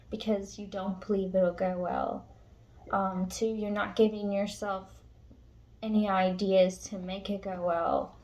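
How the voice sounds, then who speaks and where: A woman's voice: medium pitch, darkish tone, muffled recording. A woman tarot reader speaking casually and emotionally to her viewers, frank and earnest, swearing now and then. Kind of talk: casual spiritual pep talk to viewers.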